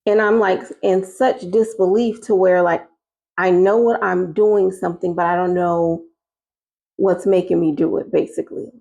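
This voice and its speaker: A woman recounting a personal story in a loose, conversational way, her voice dark and mellow with a gravelly edge. She slips into the people she quotes, her pitch jumping up when she replays her own surprised replies. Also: fairly even intonation, moderate pace. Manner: casual and chatty, acting out quoted lines with rising pitch.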